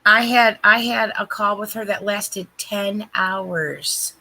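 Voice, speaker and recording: A woman telling a story in casual chat, animated and emphatic, acting out the dialogue as she quotes it. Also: medium pitch, takes it slowly, crowd noise, rough recording.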